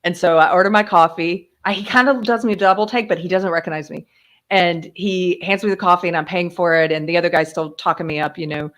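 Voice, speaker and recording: A woman hosting a casual live-stream chat, telling a story with lively acted-out dialogue and frequent laughter. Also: lowish voice, fast. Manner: animated storyteller who acts out dialogue and laughs often. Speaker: podcast host.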